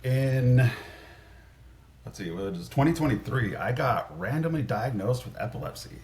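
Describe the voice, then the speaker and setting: A man's voice: medium pitch, expressive, normal speed, background noise. A man in his thirties, a podcast guest telling stories in a casual, rambling way, full of "like" and restarts. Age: 30s. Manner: rambling, heavy use of "like", frequent restarts. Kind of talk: casual storytelling chat.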